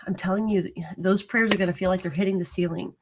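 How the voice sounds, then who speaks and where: A woman's voice: fairly low pitch, fairly even intonation, moderate pace, noisy background. Middle aged woman, passionate confessional testimony, repeats stuff for emphasis. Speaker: marriage ministry co-host. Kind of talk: candid personal testimony.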